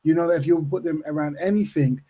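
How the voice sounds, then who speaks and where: A man's voice: fairly high pitch, quick pace, dark tone. A man hosting a casual discussion who repeats words as he starts a point and often agrees with "of course".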